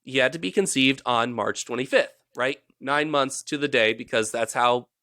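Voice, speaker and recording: A man's voice: mid-range voice, normal speed, sharp tone, dry recording, clean studio sound. A man hosting a casual podcast, explaining history in a rambling, jokey, self-correcting way. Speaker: podcast host presenting research.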